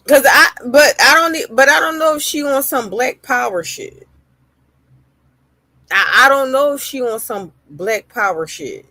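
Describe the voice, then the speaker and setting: A woman's voice: high-pitched, a little slow, bright, forceful tone, no room sound. A woman streamer ranting heatedly in live-stream reaction commentary, swearing often and repeating phrases for emphasis.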